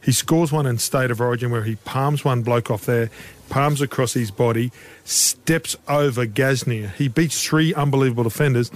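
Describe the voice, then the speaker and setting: A man, a rugby league pundit, telling stories in casual radio chat and lifting his voice when excited. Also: normal speed. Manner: animated storyteller, lifts pitch when excited.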